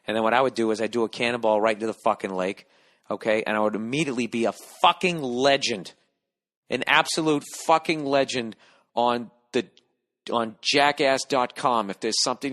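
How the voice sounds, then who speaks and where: A middle-aged American man hosting a podcast, telling a profane, animated comic story and acting out the people in it. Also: mid-range voice. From United States. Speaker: podcast host. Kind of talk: casual comedic monologue.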